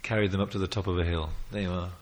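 A man preaching a sermon, emphatic, with sudden loud swells, quiet asides and chuckles as he tells stories. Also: sits low, fairly even intonation, rapid-fire. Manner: chuckles while telling stories.

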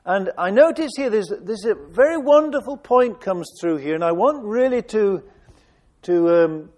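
A man with a high voice delivers a sermon at an unhurried, measured pace. He reads scripture aloud with dramatic emphasis and pauses for reflective asides. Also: animated, darkish tone. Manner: slow, deliberate reading with dramatic emphasis and asides. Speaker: preacher. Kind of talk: sermon reading and expounding scripture.

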